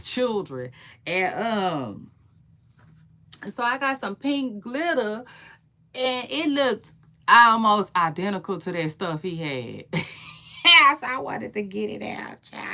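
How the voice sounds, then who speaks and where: Woman, live-stream gossip, unhurried delivery, lively swinging pitch. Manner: animated, playful, frequent "child" and quick laughs.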